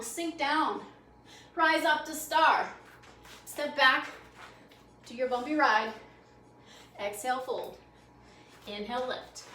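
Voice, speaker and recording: A woman's voice: high voice, bright, forceful tone. A woman yoga instructor calling out poses in a guided class, upbeat, playful and encouraging, slightly out of breath. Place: library program room. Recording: echoey room, mic at a distance, faint noise.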